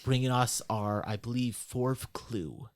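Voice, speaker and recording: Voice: mid-range voice, unhurried, dry recording, clean studio sound. A game master narrating a tabletop game in a chatty way with many fillers.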